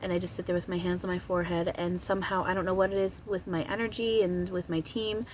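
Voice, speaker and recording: A woman's voice: lowish voice, level tone, fast talker, a little hiss or hum, low-quality recording. A woman talking casually to camera as a spiritual channeler, rambling and chatty with frequent fillers and giggles. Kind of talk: casual vlog monologue.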